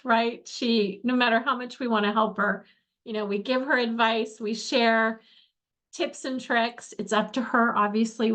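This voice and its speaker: A middle-aged woman with a fairly high voice leads an online faith-based workshop. She is chatty and earnest. She keeps checking in with her listeners through a video-call mic. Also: fairly bright tone. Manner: chatty and earnest, asks the audience questions. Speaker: workshop host and coach.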